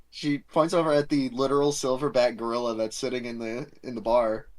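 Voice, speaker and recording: A man's voice: medium pitch, little pitch movement, brisk, a little mellow, low-quality recording. A man playing a tabletop game, hesitantly describing his character's gestures. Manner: hesitant, with many fillers and hums. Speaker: player. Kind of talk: casual tabletop play.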